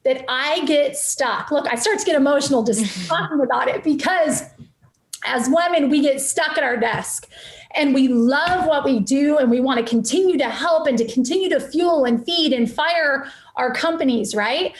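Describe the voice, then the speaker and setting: Passionate high-voiced woman investor. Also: moderate pace, roomy sound. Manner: passionate, motivational, emphatic. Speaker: real estate investor guest. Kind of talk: enthusiastic podcast interview talk.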